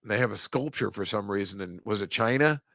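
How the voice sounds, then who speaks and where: A man's voice: on the low side, brisk, fairly bright tone, no echo, clean studio sound. A man hosting a casual comedy chat, rambling and sarcastic, often incredulous.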